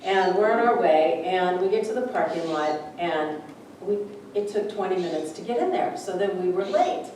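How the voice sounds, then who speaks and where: A woman's voice: fairly low pitch, moderate pace, darkish tone. Woman minister, conversational sermon, anecdotes, very echoey room, distant mic, faint hiss. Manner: chatty, anecdotal, acts out voices in stories. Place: church sanctuary.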